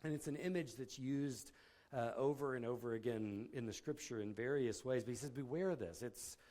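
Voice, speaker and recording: A man preaching to a congregation in an easygoing, conversational way. He stumbles and restarts now and then, and he slips into quick voiced quotes of the people in the story. His pitch sits at an ordinary middle level. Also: darkish tone. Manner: conversational, with filler words and restarts, acting out quotes. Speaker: pastor. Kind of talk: sermon.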